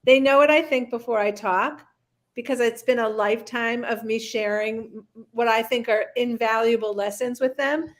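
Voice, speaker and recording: A woman's voice: a little high, steady tone, normal speed. Candid, self-mocking woman host. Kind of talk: casual panel chat.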